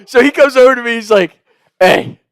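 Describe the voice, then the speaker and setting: A man's voice: very high-pitched, quick pace, dry recording. A young man telling a wild story in casual chat, swearing often and laughing as he goes. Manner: animated, profane, laughing.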